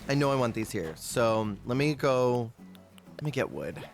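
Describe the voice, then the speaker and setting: A man chats casually with his stream audience while he plays, swinging between stories and quick laughs. His voice sits in a middle register, and soft music runs faintly underneath. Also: medium pitch, animated. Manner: chatty, storytelling, quick laughs. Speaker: Twitch streamer. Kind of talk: casual gameplay chat with viewers.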